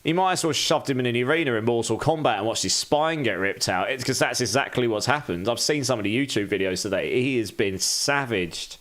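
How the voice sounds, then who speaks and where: A man chatting loosely to his live stream audience. His voice sits at an ordinary middle pitch, and he talks in a candid, chatty way, thanking viewers as he goes. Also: lively intonation, brisk, few pauses, fairly bright tone. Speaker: game streamer. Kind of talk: casual live-stream chat.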